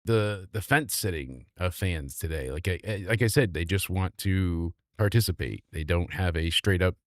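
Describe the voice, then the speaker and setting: A man's voice: low voice, moderate pace, dry recording, studio quality. Sarcastic man recapping wrestling. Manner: animated, sarcastic, swears freely. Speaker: wrestling show reviewer. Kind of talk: casual recap and commentary.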